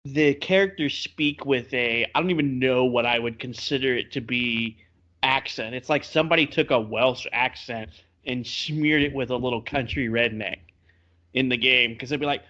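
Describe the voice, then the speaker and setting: Man, podcast co-host; chatty and animated in casual game talk; slightly muffled lo-fi sound. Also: medium pitch, normal speed. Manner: chatty, animated storytelling with laughs. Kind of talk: casual game review chat. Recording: slightly dull lo-fi audio.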